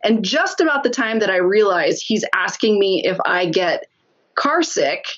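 A woman's voice: mid-range voice, unhurried, lo-fi sound. Laughing woman telling a story. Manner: lively, laughs often while telling. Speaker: guest. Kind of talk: casual storytelling interview.

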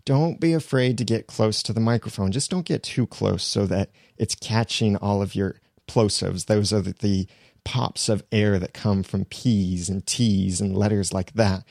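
Casting note: male instructor, lowish voice, easygoing explainer, dry close-mic studio sound. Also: measured pace, creaky, no room sound. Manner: relaxed, conversational teaching. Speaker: podcasting instructor. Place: small home studio room. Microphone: close studio microphone.

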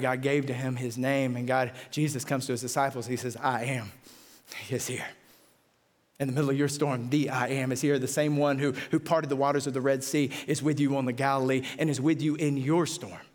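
A man pastor preaching a sermon with passion, repeating phrases and rising to excited peaks. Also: fairly quick. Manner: impassioned, repetitive, builds to excited high-pitched peaks.

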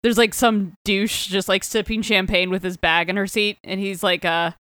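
Woman podcaster, smooth clear voice, dry close mic, swears a lot, does the quotes. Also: medium pitch, fairly even intonation, moderate pace, fairly bright tone, no echo. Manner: swears freely, acts out quotes in a raised voice. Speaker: podcast co-host. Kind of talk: casual chat recapping a book.

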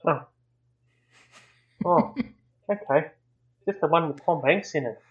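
A man's voice: on the high side, slow, narrow, tinny audio. A man chatting loosely as a guest on a comedy podcast, stammering now and then. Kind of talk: casual comedy chat.

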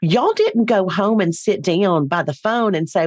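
A woman's voice: mid-range voice, measured pace, a little mellow, no echo. A middle-aged woman, a speaker coach, chatting as a guest and telling stories with playful asides. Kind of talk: casual interview.

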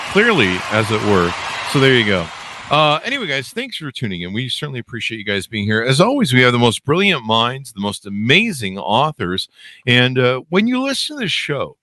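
A man's voice: mid-range voice, fairly bright tone. A man hosting a podcast, rambling and self-mocking while introducing a guest into a close studio mic. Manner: joking, self-mocking, meandering. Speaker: podcast host.

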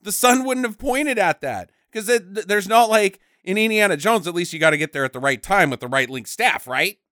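A woman co-hosting a podcast, recapping a movie in casual chat, animated and mocking and swearing freely. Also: mid-range voice, brisk, no room sound, clean studio sound. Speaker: podcast co-host.

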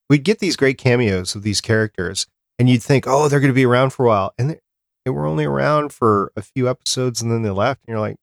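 A man hosting a podcast in casual chat, relaxed and making joking asides. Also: medium pitch, dry recording, clean studio sound. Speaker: podcast host.

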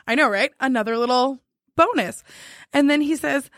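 A woman's voice: high voice, normal speed, a bit bright, dry recording, studio quality. A woman chatting casually and animatedly, laughing often and acting out text messages. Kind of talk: casual chat, storytelling.

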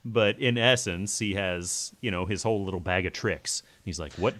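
With a deep, fairly bright voice and a moderate pace, this man co-hosts a casual music review podcast. He offers opinionated takes, says "you know" a lot, and acts out asides.

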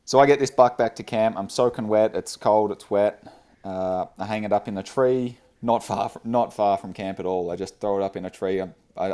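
A man's voice: on the low side, dark tone. A man, a guest on the show, telling a casual story with fillers and frequent laughs. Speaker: podcast guest.

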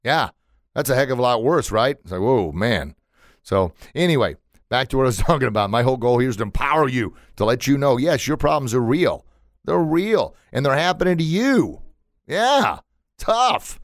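A middle-aged man hosting a motivational podcast, talking in an emphatic, folksy way. He repeats words often and his voice jumps high on key phrases. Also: lively intonation, a little fast, dry recording, studio quality. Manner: emphatic, repetitive, folksy preaching with pitch leaps. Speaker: podcast host.

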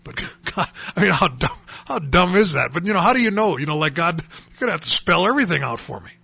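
A man shares his personal testimony in an earnest, storytelling way, now and then pushing into emphatic bursts. His voice sits a little high and bright, with a gravelly, husky edge. The sound is dry and close, with no room around it. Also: sing-song, fast talker, no room sound. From North Dakota. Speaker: testimony speaker.

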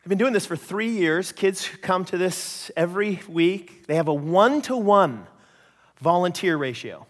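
A Canadian man preaching a sermon, an animated storyteller who acts out voices and jokes at his own expense. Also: high voice, measured pace, big-room sound. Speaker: pastor.

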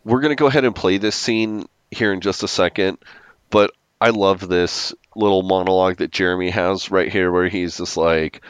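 Brief: male podcast co-host, deep and smooth, excitable and rambling. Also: normal speed, no echo. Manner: enthusiastic, rambling with restarts. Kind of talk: casual chat recapping a TV episode.

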